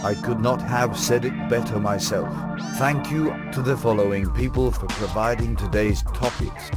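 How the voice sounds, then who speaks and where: A man's voice: medium pitch, normal speed, natural voice. A man reading a formal show introduction in a regal British-sounding voice. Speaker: show announcer. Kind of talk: scripted announcer intro. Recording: music bed behind.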